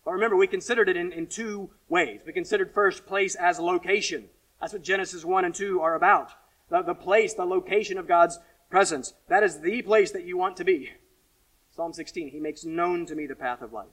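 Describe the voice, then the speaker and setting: A pastor giving a sermon, earnest, rising to emphatic questions and falling to quiet asides. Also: male voice, high-pitched, a little fast, distant mic, rough recording.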